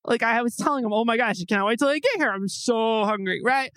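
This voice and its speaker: A woman's voice: a little high, fast talker, a bit bright, no room sound. A woman hosting a podcast, telling a story in casual chat, acting out her own exasperated quotes and swearing freely. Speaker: podcast host.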